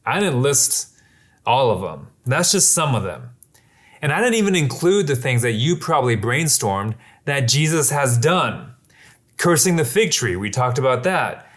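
Slow-talking casual male preacher. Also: medium pitch, sing-song, a bit bright. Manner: casual, conversational preaching with many fillers. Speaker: pastor. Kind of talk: sermon.

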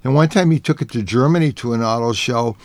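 A man with a gravelly, fry-edged voice talks as an auto journalist on a casual radio show. He tells long, winding anecdotes at an easy pace. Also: medium pitch, quick pace, a little mellow, dry recording. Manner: rambling anecdotal storyteller.

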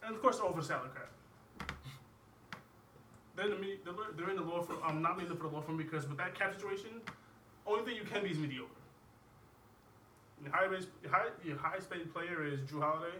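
A man's voice: on the high side, fairly quick, pauses often, bright, forceful tone, a little hiss or hum. A man arguing his point in casual sports podcast talk, often restarting words. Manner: argumentative, stumbling restarts. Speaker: podcast co-host. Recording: roomy and distant.

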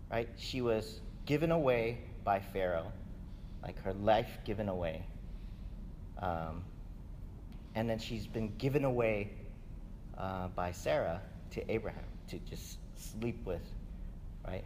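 A man's voice: lowish voice, slight background noise. A man giving a sermon in a casual, conversational way, often tagging sentences with "right?". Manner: conversational, keeps asking "right?". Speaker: pastor. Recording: echoey hall, faint ambience.

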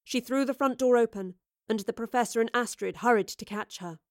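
Woman reading a story aloud, slightly high voice, dry close sound. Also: a little fast, no room sound. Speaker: narrator. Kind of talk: storybook narration.

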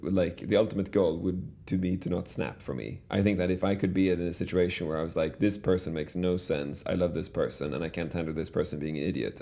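A man's voice: deep voice, creaky, dark tone. A middle-aged man telling stories as an interview guest, rambling with many restarts and fillers. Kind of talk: casual conversational storytelling.

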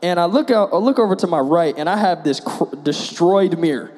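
A young man with a slightly high voice gives a relaxed sermon. He drifts into personal stories and pokes fun at himself. His words trail off into a long reverb from the hall around him. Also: fairly quick. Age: young adult. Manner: conversational, self-deprecating storyteller. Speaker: preacher.

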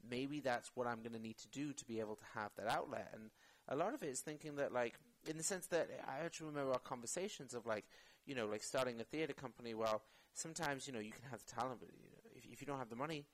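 A man's voice: mid-range voice, fast, hardly any pauses, low-quality recording. Reflective man chatting as a guest. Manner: reflective, searching for words. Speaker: actor, podcast guest. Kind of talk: casual interview chat.

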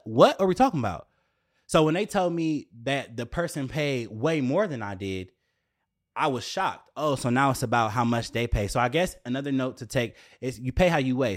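Young man, storytime vlogger, middle pitch, loose and profane, heavy on fillers and rhetorical questions. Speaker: storyteller addressing viewers. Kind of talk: casual storytime rant.

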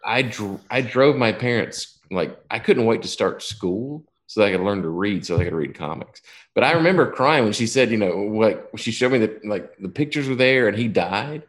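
A man's voice: lowish voice, lively intonation, normal speed. A man in his fifties telling a long personal story in casual chat, rambling and profane, often restarting his sentences.

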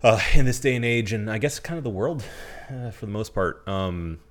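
A man hosting a podcast in casual chat, easygoing and measured, working through his points with plenty of fillers. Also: fairly low pitch, lively intonation. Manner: easygoing and measured, hedges with fillers while explaining. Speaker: podcast host.

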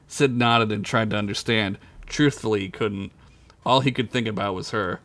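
A man's voice: lowish voice, moderate pace, fairly bright tone, no room sound. A man reading his own comic fantasy story aloud on a podcast, casual and laughing into his lines.

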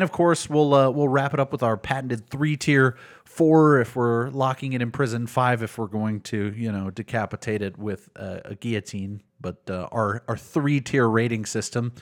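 A man co-hosting a book podcast in casual chat, rambling and repeating words as he searches for his phrasing. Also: lowish voice. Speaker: podcast co-host.

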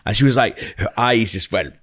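A man's voice: fairly low pitch, fairly quick. A man telling a comedic story in casual chat, swearing often and restarting his sentences. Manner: animated, swearing, with frequent restarts and laughter. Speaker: podcast co-host telling a story.

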